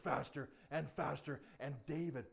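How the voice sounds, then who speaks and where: A young man telling a bible story to children in a playful, animated way, full of sound effects. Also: fairly high pitch, normal speed, creaky. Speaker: children's ministry leader.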